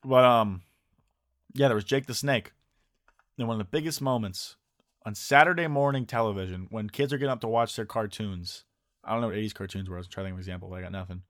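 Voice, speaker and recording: A man's voice: on the low side, quick pace, no room sound. Joking young man, dry close sound. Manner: jokey, breaks into loud wrestler impressions. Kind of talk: casual chat.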